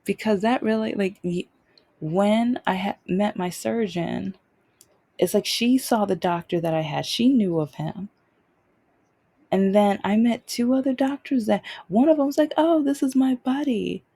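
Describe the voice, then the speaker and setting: Gravelly-voiced woman telling her story. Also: mid-range voice, measured pace, mellow. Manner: emphatic, repeats phrases for stress. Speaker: podcast host. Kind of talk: unscripted personal storytelling.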